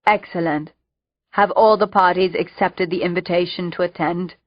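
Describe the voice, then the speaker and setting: An odd, machine-like villain who is only partly human, cold and commanding, as a woman narrator puts him on with a lowish pitch. He speaks in measured, bossy lines, heard on a dull, dry, lo-fi recording. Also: fairly even intonation, no echo, close to an everyday voice. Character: cold part-machine male villain overlord.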